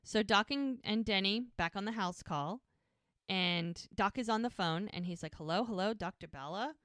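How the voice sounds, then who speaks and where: A woman's voice: mid-range voice, moderate pace, bright, forceful tone, clear, resonant tone, no room sound. A woman co-hosts a casual podcast and walks through each scene by acting out the characters' lines. Her voice sits in a middle range. The sound is dry and close. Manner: retells scenes by quoting characters. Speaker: podcast co-host. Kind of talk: casual recap chat.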